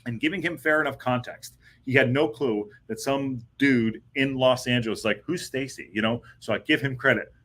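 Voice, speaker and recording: A man's voice: mid-range voice, moderate pace, a bit bright. A man hosting a live football podcast, chatting casually and rambling with lots of fillers and restarts. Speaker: podcast host. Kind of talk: casual live-stream chat.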